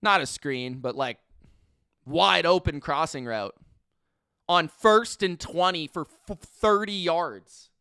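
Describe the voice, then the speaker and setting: Male stream host, high and very bright, excitable and profane live play-by-play. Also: slow, clean tone. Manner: excitable, profane, swings from muttering to yelling; repeats himself in disbelief. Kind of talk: live play-by-play and reaction commentary.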